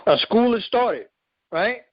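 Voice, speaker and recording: A man hosting a casual video-call interview, joking and teasing his young guests in relaxed slang. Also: high-pitched, slow, no echo, dull audio. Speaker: interview host.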